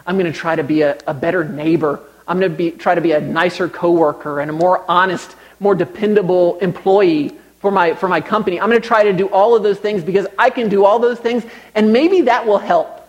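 A man's voice: high voice, brisk, hardly any pauses, dull audio. A young man preaching a sermon, telling stories conversationally and building to emphatic exhortation.

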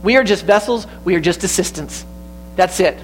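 A man's voice: sits high, normal speed, a little hiss or hum, poor audio. A man preaching an earnest sermon in a church, repeating key phrases and building to emphatic peaks. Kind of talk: sermon with invitation. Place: church sanctuary.

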